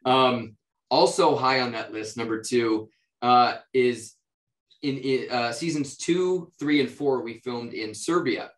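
A man from the United States talks easily as an interviewed actor, wandering through his answers with ums and restarts. His voice sits at a middle pitch and carries a roomy echo. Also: slow. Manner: relaxed, rambling, lots of fillers and restarts.

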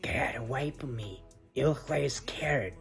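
A man voicing a shrill, upset middle-aged mother who scolds in a high, half-whispered voice. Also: moderate pace, vocal fry, soft background music, lightly acted. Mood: angry.

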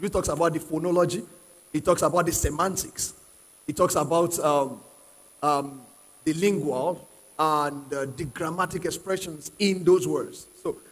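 A male pastor with a high-pitched, breathy-edged voice preaches emphatically to a live congregation in a church hall, repeating key phrases. He keeps asking the crowd questions and prodding them to respond, and the recording carries a large hall's long reverb.

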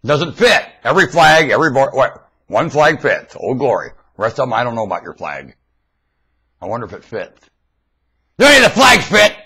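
A man with a husky voice, rambling aloud to his viewers in a webcam monologue. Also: mid-range voice, big pitch swings, normal speed, sharp tone, poor audio. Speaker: vlogger.

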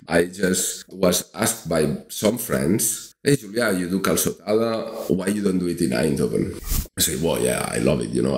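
A man's voice: low-pitched, darkish tone, echoey room. A man with a Catalan accent, a podcast guest telling stories enthusiastically, laughing often and restarting his sentences. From Catalonia, Spain. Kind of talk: podcast interview storytelling.

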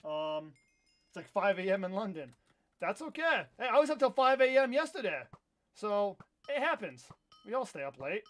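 High-voiced chatty young man streaming. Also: sing-song, normal speed. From Iowa, USA. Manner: rambling and chatty, with sudden loud outbursts during play. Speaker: livestream host. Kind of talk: casual live gameplay chat.

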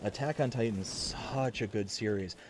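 A young man hosting a live stream, excitedly telling a family story and reading chat, with many fillers and restarts. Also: fairly low pitch, moderate pace, background noise. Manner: reads chat messages aloud.

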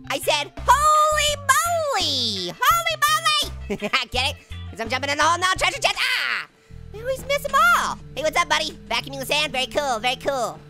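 Annoying Orange, squeaky and lively. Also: male voice, quick pace, loud music behind the voice, heavily acted. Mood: playful. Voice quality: squeaky, giggly, punning. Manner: excitable, teasing, bursts into shouts. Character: hyper wisecracking male talking orange. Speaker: gaming channel host character. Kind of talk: let's play commentary.

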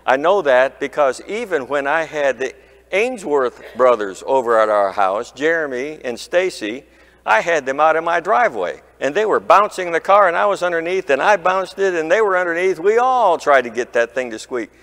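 A man preaching, telling a folksy, humorous anecdote and imitating squeaks. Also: big pitch swings, moderate pace, fairly bright tone. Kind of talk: sermon storytelling. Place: church sanctuary. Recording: long church reverb.

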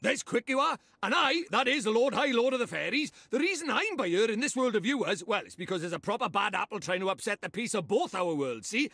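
A man's voice: high-pitched, lively intonation, a little fast, hardly any pauses, pushed and bright, no room sound, heavily acted. An actor playing a boastful, chatty little male fairy lord with a lilting Welsh accent in a video game. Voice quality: lilting, brash and talkative. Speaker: game character.

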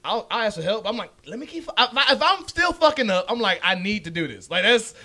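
A man's voice: sits high, big pitch swings, quick pace, pushed and bright. A man co-hosting a podcast, chatting casually, joking, swearing and laughing often. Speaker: podcast co-host, comedian.

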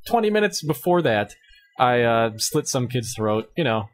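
A man's voice: mid-range voice, big pitch swings, moderate pace. A man co-hosting a casual podcast, telling game anecdotes with dry humor. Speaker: podcast co-host. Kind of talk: casual chat.

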